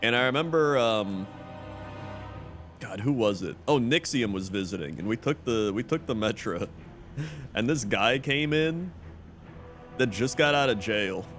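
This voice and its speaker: Brief: young male streamer, mid-range voice, lively animated swings, swears freely, faint game music underneath. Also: medium pitch, a little slow, long pauses. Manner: profane, rambling storyteller. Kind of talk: casual chat.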